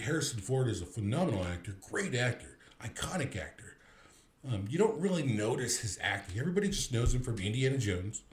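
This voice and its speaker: A man's voice: lowish voice, darkish tone, roomy sound, a little hiss or hum. A man in his thirties hosting a movie review podcast, rambling casually with many restarts and fillers.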